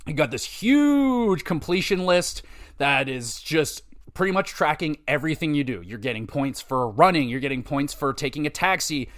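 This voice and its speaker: A man hosting a podcast, rambling casually and swearing as he retells game stories. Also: fairly high pitch. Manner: rambling, profane, animated retelling with quoted voices. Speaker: podcast host. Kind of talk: casual game-review chat.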